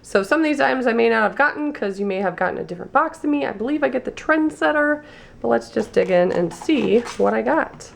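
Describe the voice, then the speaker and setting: A woman's voice: a little high, expressive, fairly quick, creaky, slight background noise. A woman vlogger losing her voice, chatting casually through a beauty box unboxing and reading labels aloud.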